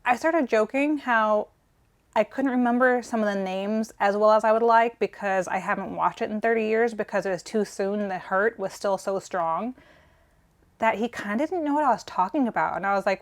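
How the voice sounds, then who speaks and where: A woman's voice: mid-range voice, normal speed. A woman in her forties co-hosting a collectors' vlog, telling a story in an earnest, sentimental, gushing way. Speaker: collector co-host.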